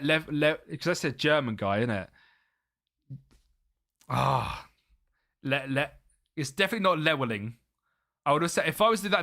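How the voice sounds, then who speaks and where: A man's voice: fairly high pitch, sharp tone. A young British man chatting casually on a live gaming stream, muttering to himself and laughing often.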